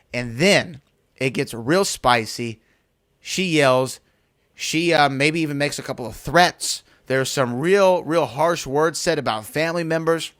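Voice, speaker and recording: A man hosting a podcast in casual chat, telling stories in an animated, teasing way. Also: a little high, a little slow. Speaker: podcast host.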